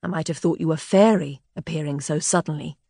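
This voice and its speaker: A woman's voice: low-pitched, a little fast, creaky, mellow, no room sound, clean studio sound. A woman voicing a bluff, uneasy Tudor lord. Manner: bluff, hasty. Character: swaggering Tudor nobleman, falsely cheerful, uneasy.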